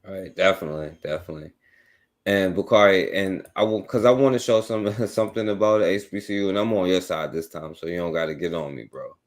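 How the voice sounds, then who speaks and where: A man's voice: low voice, steady tone, brisk. A man hosting a casual radio talk show, rambling and full of fillers. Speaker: host.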